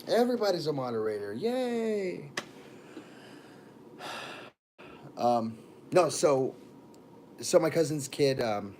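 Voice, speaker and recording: A man's voice: medium pitch, darkish tone, slight background noise. Chatty man rambling on a livestream. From born in Texas, raised in Florida. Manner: rambling, chatty, greets viewers by name. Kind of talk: casual livestream chat.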